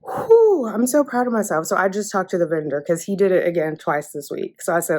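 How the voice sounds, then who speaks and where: A woman's voice: fairly low pitch, fairly quick, few pauses. A young adult woman vlogging in a casual, chatty way about her day. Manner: chatty, animated storytelling. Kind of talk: casual vlog chat.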